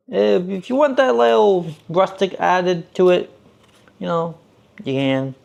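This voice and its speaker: A man's voice: high voice, slow pace, creaky, darkish tone, dull audio. A man hosting a casual cooking live stream from his home kitchen, rambling as he peels and chats with viewers. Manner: rambling, chatty, talks to chat and a cat.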